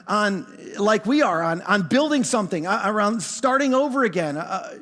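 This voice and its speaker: A man preaching a sermon, emphatic and full of repetitions, slowing right down to stress key phrases and sometimes calling out to the congregation. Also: high-pitched, a bit bright, long reverb tail. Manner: emphatic, repeats words, slows down on key phrases. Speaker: pastor.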